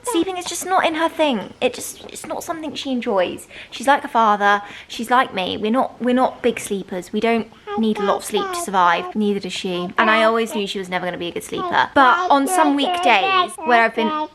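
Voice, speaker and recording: A woman's voice: fairly high pitch, expressive, fairly quick, crowd noise. A young woman, chatting casually and self-deprecatingly in a home vlog. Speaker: vlogger.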